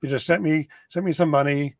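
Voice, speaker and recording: A man, the show's producer, calmly explaining things in casual podcast chat. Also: on the high side, fairly quick. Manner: matter-of-fact, explaining. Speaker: producer and director.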